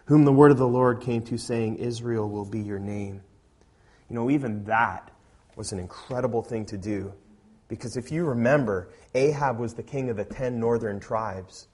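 A man preaching a sermon as a pastor, telling a story with animated swings between quiet asides and loud, emphatic lines. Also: medium pitch, breathy edge.

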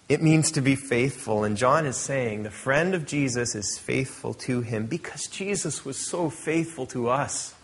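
A middle-aged male pastor preaching with a slightly husky voice. He reads scripture aloud, then explains it in an easygoing, conversational manner. His pitch sits in the ordinary middle range for a man. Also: fairly bright tone. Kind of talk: sermon.

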